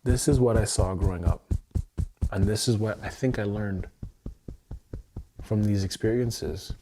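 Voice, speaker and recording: Over music, a man hosts an emotional tapping livestream as a self-help guide, repeating intense affirmations and swearing now and then. His lowish voice moves a little slowly.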